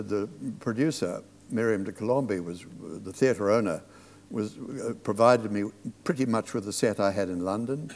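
A man's voice: fairly low pitch, a little mellow, long reverb tail. An older man, a theatre director, telling anecdotes with dry humour in an onstage talk.

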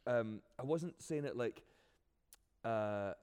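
A man with a Glaswegian accent, an actor answering interview questions in an animated way, often restarting his sentences. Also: mid-range voice, takes it slowly, clean tone, in a large hall.

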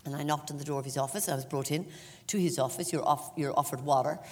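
Older irish lady, deep voice, chatty funny storyteller, big echoey hall. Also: quick pace. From Ireland. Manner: animated, self-mocking storyteller with frequent laughter. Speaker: actress, interview guest. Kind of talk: anecdotal stage interview. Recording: long hall reverb.

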